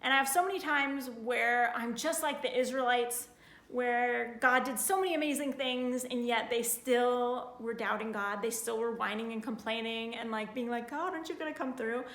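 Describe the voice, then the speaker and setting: A woman in her thirties tells her personal faith story in an earnest, heartfelt way, leaning on "like" as she talks. Her voice sits a little high. The room around her is echoey. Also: fairly even intonation, normal speed, fairly bright tone. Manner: earnest, heartfelt, frequent "like" fillers. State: getting emotional. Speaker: vlogger sharing her testimony. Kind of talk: casual personal testimony.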